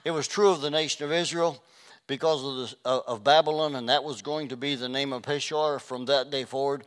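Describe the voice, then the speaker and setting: A man preaching a sermon as a pastor, passionate and swinging between loud and hushed delivery. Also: mid-range voice, fairly even intonation, fairly quick.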